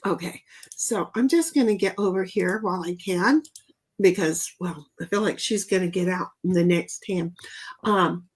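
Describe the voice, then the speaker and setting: A woman's voice: fairly low pitch, moderate pace, breathy edge. A woman hosting a casual livestream, chatting and reading viewer comments aloud while playing a board game. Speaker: livestream host.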